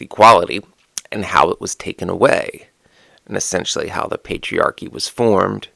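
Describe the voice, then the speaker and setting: Deep gravelly man musing to camera. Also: normal speed, pushed and bright, no echo. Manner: musing, rhetorical questions, sardonic asides. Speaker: witchcraft content creator. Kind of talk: casual monologue to camera.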